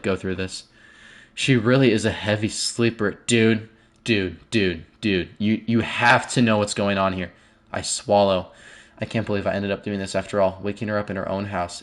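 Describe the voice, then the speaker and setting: A male streamer commenting live on a game and reading its text aloud. He swings from hushed, fearful muttering to loud startled outbursts and repeats short phrases again and again. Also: on the low side.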